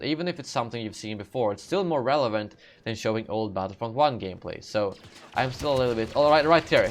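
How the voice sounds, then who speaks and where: This is a young man hosting a gaming channel's live Q&A, his voice fairly low with a bit of background noise. Yawning and sleepy, he reads chat questions and wanders through his replies with lots of fillers and self-corrections.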